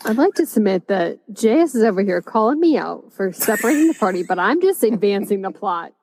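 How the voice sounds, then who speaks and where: A woman's voice: mid-range voice, sing-song, fairly quick, a little mellow, rough recording. A woman playing a tabletop game, talking in a breezy, confident way. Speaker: player. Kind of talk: casual tabletop game chat.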